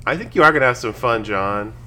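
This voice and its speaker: A man's voice: medium pitch, expressive, quick pace, sharp tone. A man co-hosting a casual podcast chat, dry and matter-of-fact, a little unsure at times. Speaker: podcast co-host.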